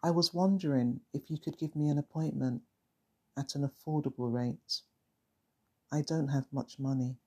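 A storyteller voicing a frightened young woman who survived trauma, talking softly and pleadingly with sentences that trail away. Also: mid-range voice, steady tone, normal speed, breathy edge.

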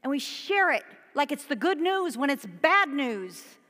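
A woman's voice: high-pitched, very animated, measured pace, bright, forceful tone. A woman pastor preaching a sermon in a conversational, emphatic way, asking her congregation questions. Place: church sanctuary. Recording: long church reverb.

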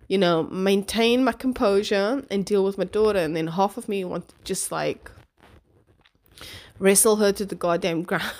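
A podcast host from South Africa tells a personal story in a loose, chatty monologue. She speaks at an ordinary, mid-height pitch for a woman, with a bold and expressive delivery. Her swearing comes out freely as she acts out her own outbursts.

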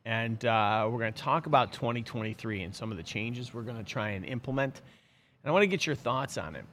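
A man's voice: mid-range voice, lively intonation, a little fast, a bit bright, slight background noise. A middle-aged man hosting a live show from his office, chatting casually with lots of fillers and restarts. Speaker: host of a live fishing subscription show. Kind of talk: casual live-stream chat.

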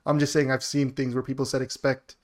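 A man's voice: mid-range voice, flat delivery, a little fast. Laughing, joking man hosting a podcast. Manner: laughs often, loose and joking. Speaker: podcast host. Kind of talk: casual chat.

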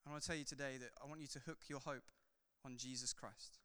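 A man who is a pastor, preaching a sermon in a church hall, swinging from loud fervor to soft, chatty asides. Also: mid-range voice, fairly even intonation, fast. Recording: long hall reverb.

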